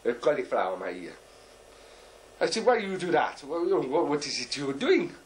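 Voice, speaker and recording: A bumbling, boastful deep sea diver, played by a man spins his tale in broken, halting English and keeps stopping for "uh" and "you know". His voice swoops up and down with lively pitch as he rambles along. There is a faint hiss behind him. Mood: rambling. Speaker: comic storyteller. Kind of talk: character stand-up monologue.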